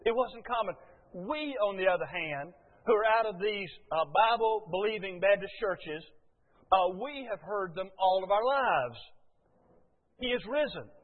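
An older man, preaching a folksy, storytelling sermon to his church with many short pauses and fillers. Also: sits high, animated. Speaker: pastor. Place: church sanctuary. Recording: phone-like sound with long hall reverb.

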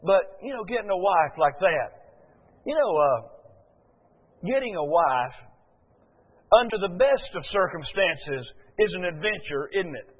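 Older male preacher, high voice, folksy sermon, long hall reverb. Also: lively intonation, measured pace, pauses often. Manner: folksy, with frequent "uh" and rhetorical questions. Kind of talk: conversational sermon. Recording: tinny phone-like audio in a long-echo hall.

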